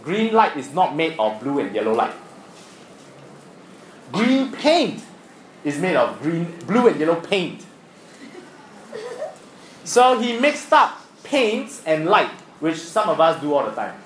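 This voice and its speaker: A man's voice: on the high side, sing-song, slow, pauses often, reverberant, slight background noise, poor audio. A man teaching science to a class, asking questions and teasing students. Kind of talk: classroom lesson.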